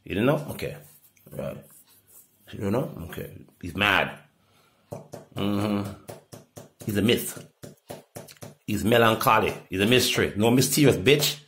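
A middle-aged Jamaican man in a rambling, profane monologue that swings from loud outbursts to low mutters. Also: lively intonation, measured pace, pauses often, slight background noise. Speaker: reggae artist.

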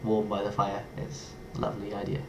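A man's voice: on the low side, monotone, fairly quick, creaky, noisy background. A man casually talking to camera as a vlogger, playful and chatty, stumbling over tricky words and laughing at himself.

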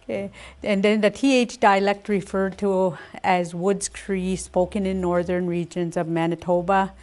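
An older woman teaching a language lesson, speaking slowly and carefully, saying each word twice before she explains it. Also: mid-range voice, steady tone, darkish tone. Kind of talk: slow spoken language lesson.

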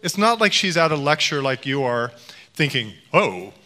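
A man's voice: a little high, lively intonation, moderate pace, bright, forceful tone. A middle-aged man giving a public lecture, telling stories with playful voice impressions. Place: lecture hall. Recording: long hall reverb.

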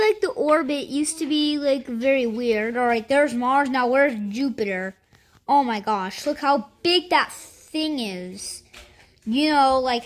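A woman giving casual commentary over a space game, thinking aloud with lots of fillers and sudden excited outbursts. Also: high-pitched. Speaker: gameplay commentator.

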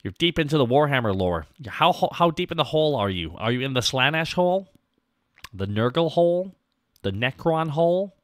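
Male VTuber host, casual stream chatter, goofy and self-mocking, bright voice with a very lively melody. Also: on the high side, moderate pace, no echo, clean studio sound. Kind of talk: casual livestream chat.

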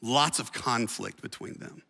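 A man's voice: mid-range voice, measured pace, vocal fry, bright, forceful tone. A male pastor preaching a sermon in a casual, slangy storytelling way. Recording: reverberant church hall.

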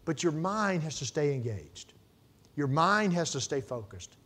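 A middle-aged male pastor preaching a sermon, telling stories and swinging between loud emphasis and quiet asides. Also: a little high, big pitch swings, measured pace.

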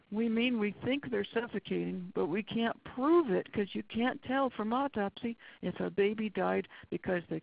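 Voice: mid-range voice, vocal fry. A forensic pathologist giving a webinar lecture in an earnest, blunt and emphatic way. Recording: dull lo-fi webinar audio.

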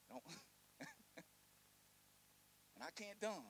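Man, pastor, high voice, animated sermon, call-and-response. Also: normal speed.

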